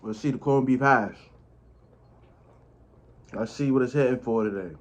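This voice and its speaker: A man's voice: medium pitch, unhurried. A young man talking casually to camera as he eats a meal, with loose slangy banter and food in his mouth at times. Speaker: mukbang vlogger. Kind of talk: casual talk to camera while eating.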